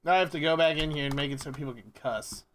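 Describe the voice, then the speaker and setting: A man's voice: a little high, quick pace, a bit bright, slight background noise. A man livestreaming prank phone calls and chatting casually, joking and muttering to himself as he fixes his stream settings. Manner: jokey, mutters to himself while fiddling with settings.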